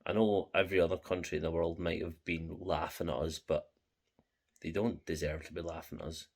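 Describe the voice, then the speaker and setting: A young Scottish man with a low voice, talking in a passionate fan reaction vlog. He speaks in a heartfelt, emotional way and keeps repeating his thanks. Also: flat delivery, brisk, gravelly, a little mellow, slightly rough. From Scotland. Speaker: football fan vlogger.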